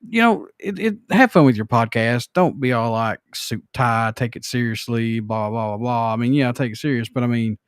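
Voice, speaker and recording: A man hosting a podcast in a loose, rambling, folksy manner. His voice is smooth and resonant, recorded close and dry with no room sound. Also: medium pitch, moderate pace, few pauses, no echo. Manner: rambling, folksy, plain-spoken. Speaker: podcast host. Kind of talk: casual chat.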